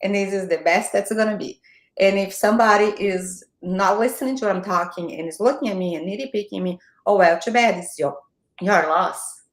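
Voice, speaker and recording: A woman's voice: mid-range voice, normal speed, roomy sound. Brazilian-accented woman giving emphatic advice. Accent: Brazilian Portuguese. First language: Portuguese. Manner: emphatic, encouraging, direct advice. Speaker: guest, marketing mentor. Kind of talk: motivational interview talk. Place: home, morning video call.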